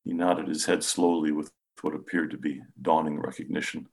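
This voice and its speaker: A man, a psychiatrist, calmly narrating a patient case in the first person with measured storytelling. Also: a bass voice, creaky. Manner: calm, measured storytelling, softens when speaking gently.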